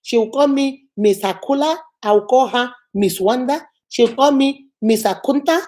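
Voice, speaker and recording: A woman's voice: a little high, normal speed. A woman vlogger telling a personal story casually to camera, acting out the people in it. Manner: animated, acts out quoted voices. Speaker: motivational vlogger.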